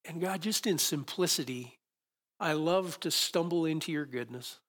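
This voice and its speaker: Animated middle-aged preacher man. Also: a little high, normal speed. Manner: storytelling, animated with sudden loud peaks. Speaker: pastor. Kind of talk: sermon.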